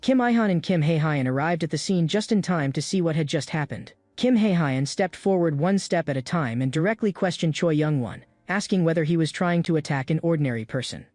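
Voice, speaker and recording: A man narrating a comic story recap in an even, polished storytelling manner. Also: fairly high pitch, brisk, few pauses, dry recording. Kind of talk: scripted narration.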